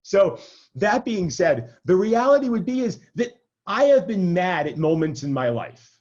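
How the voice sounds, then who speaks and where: A man's voice: high voice, very animated, a little slow, a little mellow, highs cut off. A man, a rabbi, giving an informal class in a conversational way, often checking in with "right?" and adding self-deprecating asides over a video call. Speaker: rabbi teaching an adult class. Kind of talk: informal lecture.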